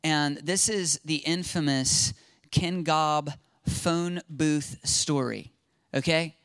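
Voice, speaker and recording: A man preaching a sermon with passion, gasping for breath at high points and acting out quotes. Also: fairly even intonation, slow pace, fairly bright tone, smooth, no room sound, clean studio sound. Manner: impassioned preaching with gasps and acted-out quotes. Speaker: pastor.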